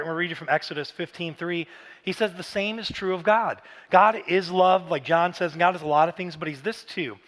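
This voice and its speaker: A man in his thirties preaching a Father's Day sermon, casual and animated, telling stories with bursts of shouting. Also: high voice. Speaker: pastor. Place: large church auditorium. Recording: church hall reverb.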